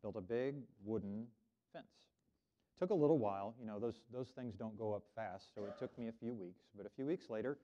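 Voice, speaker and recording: Warm, on the low side, and fairly quick, the voice is a middle-aged Oklahoma minister's as he gives children a friendly sermon and leads them in repeating words. It comes from a dull lo-fi recording in a church sanctuary.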